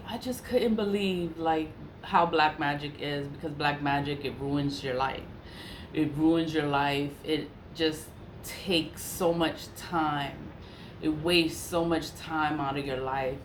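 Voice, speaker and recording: A woman telling a personal story in casual talk, animated and exasperated, repeating her phrases and laughing between lines. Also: low voice. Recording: echoey room with faint hiss.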